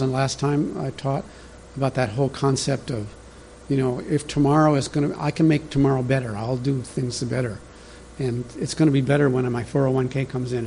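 A man's voice: mid-range voice, darkish tone, a little hiss or hum. A man preaching a sermon as pastor, in a conversational teaching manner that speaks directly to the congregation.

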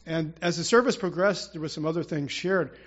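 A man's voice: a little high, brisk, dull audio. A man preaching an informal, rambling sermon to his congregation, with prayerful asides and restarts. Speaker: church speaker.

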